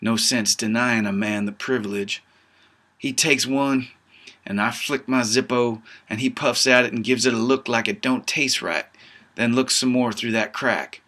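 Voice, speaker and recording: Folksy bright-voiced male storyteller. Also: mid-range voice, steady tone, measured pace. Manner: folksy drawling dialect, tough-guy storyteller. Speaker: author reading his novel. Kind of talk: first-person audiobook narration.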